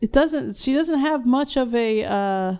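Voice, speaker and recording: Woman co-hosting a podcast, chatty, voice a bit on the high side. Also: lively intonation, unhurried, darkish tone, clear, resonant tone. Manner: chatty, reads out facts. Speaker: podcast co-host. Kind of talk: casual chat.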